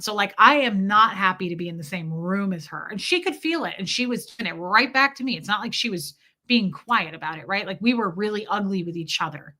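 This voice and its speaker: A woman's voice: mid-range voice, expressive, brisk, sharp tone. A woman in her thirties telling a candid personal story to her live chat, swearing freely and answering viewers by name. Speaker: streamer.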